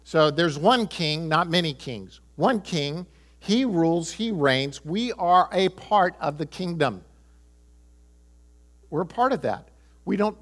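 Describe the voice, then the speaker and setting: A man's voice: on the high side, a bit bright. A middle-aged American man preaching a sermon, emphatic and repeating key phrases. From United States. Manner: emphatic, repeats key phrases, chuckles, quotes people in voices. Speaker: pastor.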